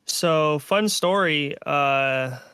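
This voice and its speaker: A man's voice: on the high side, drawn-out words, sharp tone, clear, resonant tone, dry recording, clean studio sound. A man co-hosting a casual chat, wry and teasing. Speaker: podcast co-host.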